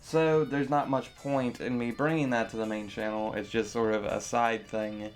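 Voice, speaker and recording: A man's voice: mid-range voice, flat delivery, moderate pace. A young man casually answering viewer questions in a vlog, rambling with lots of fillers and self-deprecating asides.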